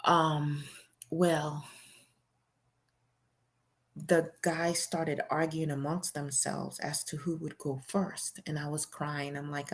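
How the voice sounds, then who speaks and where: A woman's voice: low-pitched, flat delivery, slow pace, pauses often. A woman hosting a show, reading a memoir aloud in the first person in a plain, conversational storytelling way with casual fillers.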